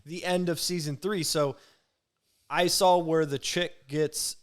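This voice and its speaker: A man's voice: fairly high pitch, steady tone, slow. A young man co-hosting a casual podcast, joking and rambling through stories. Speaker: podcast co-host. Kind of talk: casual chat.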